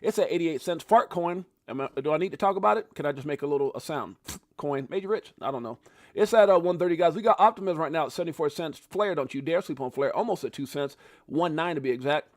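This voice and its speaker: The speaker, a middle-aged man hosting a live crypto show, jokes around loosely, drops casual profanity, and welcomes viewers by name. His slightly high male voice is animated and quick. Everything sounds dry and close, with no surrounding room.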